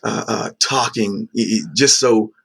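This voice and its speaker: Fifties guy on a podcast, low husky voice, emphatic, keeps restarting words. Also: fairly even intonation, a little slow, a bit bright. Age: 50s. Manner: emphatic, stammers into restarts, vivid sound words. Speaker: guest, community advocate. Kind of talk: conversational interview.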